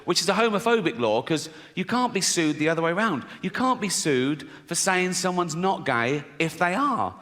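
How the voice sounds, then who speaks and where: A middle-aged man with an English accent doing stand-up comedy, deadpan and conversational, laughing at his own jokes. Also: high-pitched, moderate pace, hardly any pauses. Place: large theatre stage. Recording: stage mic in a big hall with audience noise.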